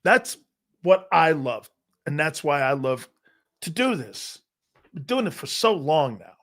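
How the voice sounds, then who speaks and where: A middle-aged man from Connecticut hosting a live sports talk show, telling personal stories in an animated, emphatic way and swearing freely. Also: a little high, unhurried.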